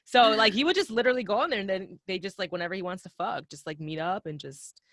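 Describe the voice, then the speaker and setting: A woman's voice: medium pitch, fast talker, a bit bright, no echo, clean studio sound. A woman hosting a casual podcast, rambling in slangy chat full of fillers. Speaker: podcast host.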